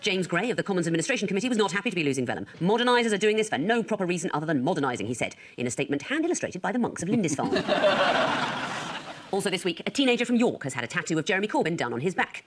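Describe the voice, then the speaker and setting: A woman presenting a comedy news quiz with dry, quick joke delivery, in a TV studio. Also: on the low side, sing-song. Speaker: guest host of a panel show. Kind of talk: scripted comic news presenting. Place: TV studio with a live audience. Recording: loud audience laughter behind.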